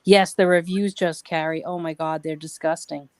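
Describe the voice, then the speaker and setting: Woman co-host, lower voice, emphatic casual chat, dry sound. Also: steady tone, normal speed, darkish tone, no echo. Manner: emphatic, repeats for effect.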